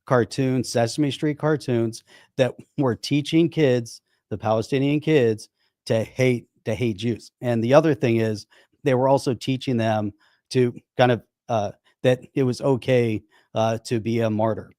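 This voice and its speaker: A man's voice: mid-range voice, fairly even intonation, measured pace, warm tone, no echo, studio quality. A man co-hosting a podcast in casual chat, talking bluntly and emphatically, often restarting and repeating himself. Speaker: podcast co-host.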